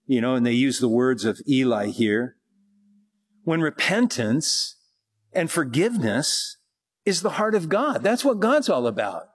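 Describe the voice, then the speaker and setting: Slow, earnest male preacher. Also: on the high side, lively intonation. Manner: slow, earnest Bible teaching, rising to emphatic preaching. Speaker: pastor. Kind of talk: sermon.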